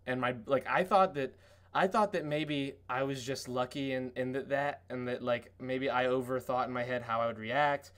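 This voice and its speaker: A man's voice: medium pitch, steady tone, normal speed, fairly bright tone, clear, resonant tone. A man hosting a casual podcast, telling long rambling stories packed with "like" fillers and swearing. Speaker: podcast host.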